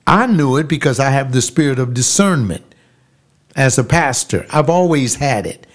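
An older man, a pastor, telling a personal story slowly and emphatically, repeating phrases and rising into preaching. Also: mid-range voice, lively intonation.

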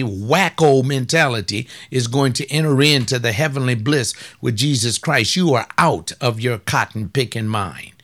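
A man's voice: medium pitch, fairly bright tone. Fiery, scornful male preacher. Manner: combative, scornful, rapid bursts with drawn-out emphasis. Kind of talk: fiery sermon.

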